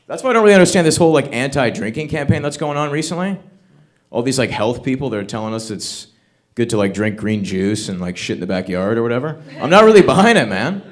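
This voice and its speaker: A man's voice: mid-range voice, lively intonation, fast. A man doing a crude, swearing stand-up set at an open mic, ranting in punchy bursts into a stage microphone. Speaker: stand-up comedian. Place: comedy open mic venue.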